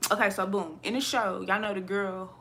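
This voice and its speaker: A woman ranting to her viewers in a casual vlog, blunt and profane, animated and quick to laugh. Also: mid-range voice, slight background noise. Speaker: vlogger.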